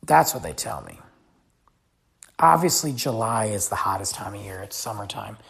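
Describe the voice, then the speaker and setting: A man hosting a podcast, telling a travel story in a chatty, animated way. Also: on the low side, normal speed, creaky, husky. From United States. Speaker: podcast host. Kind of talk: casual storytelling.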